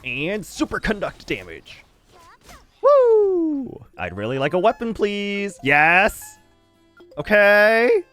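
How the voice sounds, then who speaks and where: A man from the United States giving casual, chatty gameplay commentary, laughing often and reacting loudly. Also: sits high, sing-song, slow pace, faint music behind. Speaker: streamer playing a game.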